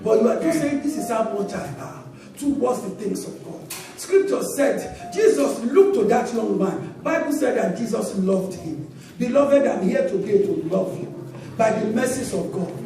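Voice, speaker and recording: A woman pastor with a Nigerian accent delivers an animated sermon, breaking into laughter and sudden exclamations. Her voice sits high, and the mic is set back from her. A heavy echo from the church hall surrounds every word. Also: moderate pace, distant mic. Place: church auditorium.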